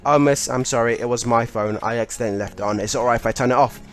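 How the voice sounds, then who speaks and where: A man's voice: medium pitch, very fast, faint music behind, voice pushed down, natural voice. A young man voicing a polite teenage schoolboy apologising to his teacher. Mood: apologetic.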